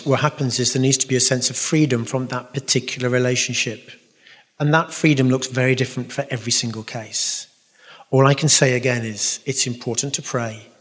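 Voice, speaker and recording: Man, London accent, earnest Catholic speaker, direct, self-mocking, long hall reverb. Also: mid-range voice. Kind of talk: conversational talk with audience questions.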